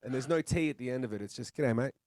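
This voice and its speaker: A man's voice: medium pitch, racing, a little mellow. A man with an Australian accent, chatting casually and bluntly as a musician guest over a video call. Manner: laid-back, blunt, chatty, swears casually.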